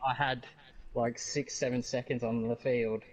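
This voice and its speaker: A man's voice: medium pitch, level tone, measured pace. Frustrated male driver venting. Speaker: racing driver. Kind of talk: casual post-race interview. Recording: dull lo-fi voice chat.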